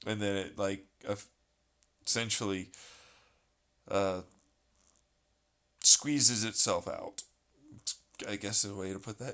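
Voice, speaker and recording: A man's voice: fairly low pitch, fairly even intonation, slow pace, pauses often, sharp tone. Profane, rambling man ranting casually.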